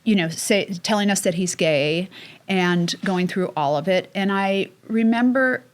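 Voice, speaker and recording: Middle-aged mom guesting on a chat show; tells stories emotionally, with pauses and fillers. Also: female voice, mid-range voice. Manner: emotional storytelling, halting with fillers. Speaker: guest mother. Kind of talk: casual podcast chat.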